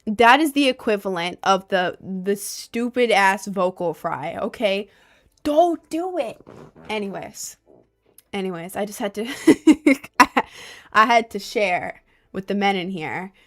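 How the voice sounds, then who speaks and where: A young woman livestreaming, chatting casually with her viewers in a rambling, animated way with lots of "like" and laughter. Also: mid-range voice, unhurried, faint music behind. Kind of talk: casual livestream chat reading viewers' messages.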